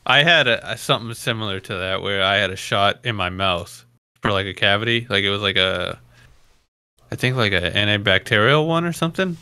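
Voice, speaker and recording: A man's voice: fairly low pitch, brisk, bright, forceful tone, clear, resonant tone, dry recording, studio quality. A young man hosting a podcast, telling rambling stories in casual chat and laughing often. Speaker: podcast host.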